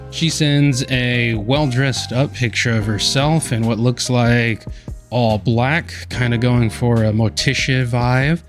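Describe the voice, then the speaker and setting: A man hosting a commentary channel, casually reading out private messages and weighing in between them with sighs and chuckles. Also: medium pitch. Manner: reads quotes aloud with sighs and chuckles, laid-back.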